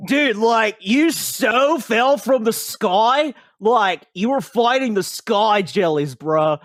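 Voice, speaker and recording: A man's voice: high voice, expressive, takes it slowly, fairly bright tone, no echo, studio quality, pitched above the performer's own voice, exaggerated voice. A man doing a dude-saying stoner elf. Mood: mellow. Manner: drawling surfer-style slang.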